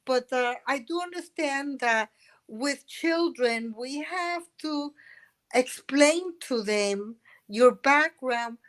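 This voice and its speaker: A woman's voice: high-pitched, slow pace. An older woman with a Puerto Rican accent, a Spanish speaker chatting casually and telling stories with laughter. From Puerto Rico. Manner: chatty, animated storyteller with frequent laughs. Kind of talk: casual chat.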